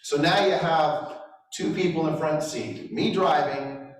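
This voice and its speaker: Animated man storytelling in an echoey hall. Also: on the high side, measured pace. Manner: animated, self-deprecating storyteller with chuckles. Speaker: real estate trainer at a company summit. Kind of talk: motivational storytelling speech. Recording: echoey hall, distant mic.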